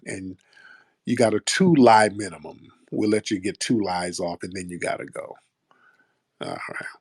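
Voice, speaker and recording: A man's voice: lowish voice, breathy edge, no room sound, clean studio sound. A man hosting a comedic call-in show, mocking and repetitive as he confronts his callers. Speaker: host. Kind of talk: comedic call-in radio talk.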